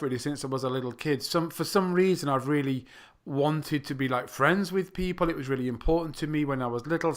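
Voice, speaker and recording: A British man co-hosting a podcast, chatting in a friendly, jokey way with quick reactions. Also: a little high, fairly bright tone. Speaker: podcast co-host. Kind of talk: casual chat.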